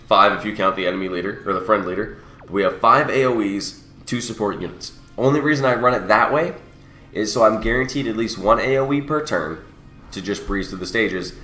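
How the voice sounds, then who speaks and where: A young gaming channel host with a cold, sniffly and a bit under the weather, casually walks viewers through a mobile game, explaining as he goes and correcting himself. His lowish voice has a bright, forceful tone, and the room sounds echoey.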